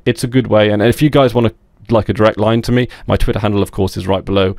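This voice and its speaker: A young man hosting a casual app walkthrough over a screen recording, chatty and relaxed with many fillers. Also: on the low side, fast talker, creaky, no echo, studio quality. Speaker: tech video host.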